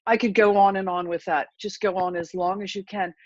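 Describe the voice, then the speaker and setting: A woman's voice: medium pitch, flat delivery, fairly quick, no room sound. Woman therapist guest, confident instructor, dry dull lo-fi remote audio. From England. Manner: confident, instructive, warm-paced coaching. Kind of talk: interview answers with a guided breathing demo.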